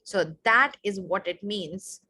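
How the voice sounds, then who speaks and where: A woman's voice: medium pitch, slow pace, sharp tone, slightly rough. Chatty woman teaching vocabulary. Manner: chatty, explains with examples and frequent "right?". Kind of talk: casual online vocabulary lesson.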